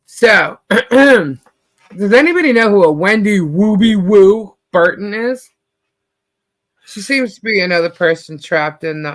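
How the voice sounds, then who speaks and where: Slow-talking woman livestream host. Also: sits low. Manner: greets viewers by name, laughs often. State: losing her voice. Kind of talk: casual livestream chat.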